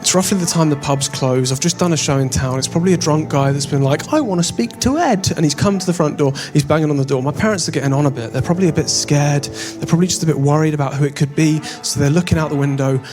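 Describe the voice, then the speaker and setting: A man's voice: fairly high pitch, fairly even intonation, fast talker, few pauses, over music. A young English man doing stand-up, telling a story on stage in a wry, self-deprecating way. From England. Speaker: stand-up comedian. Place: on stage before a live audience.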